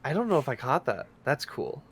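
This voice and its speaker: A man's voice: mid-range voice, sing-song, fairly quick, slightly rough. Easygoing young man on a podcast. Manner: easygoing, joking, thoughtful asides. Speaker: podcast co-host. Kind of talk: casual chat.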